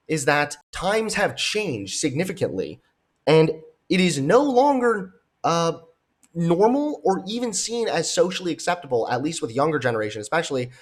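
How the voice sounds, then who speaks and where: A young man reacting to podcast clips, blunt and exasperated, cursing as he talks back to them. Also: fairly high pitch. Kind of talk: reaction commentary.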